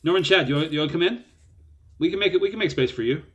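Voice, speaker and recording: Brief: man, poker-stream co-host, wry self-mocking banter, quick to laugh. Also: on the high side, lo-fi sound. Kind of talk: casual live-stream banter.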